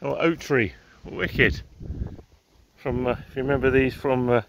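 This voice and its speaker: With a mid-range, slightly bright voice and an unhurried delivery, an English man rambles casually through a garden walking-tour vlog, letting the occasional swear word slip. A little hiss or hum sits in the audio. Behind him is faint outdoor ambience and far-off garden machinery.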